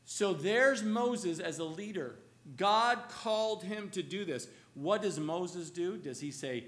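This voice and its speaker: A male pastor preaching a sermon, asking the congregation questions and swinging between loud, emphatic lines and hushed, slow ones. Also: sits high, animated.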